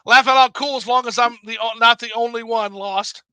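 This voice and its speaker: Male streamer host, high and very bright, dry sound, animated and profane. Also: a little fast, smooth, dry recording, poor audio. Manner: animated, swears freely, laughs often. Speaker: livestream host reading chat. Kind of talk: casual livestream chat.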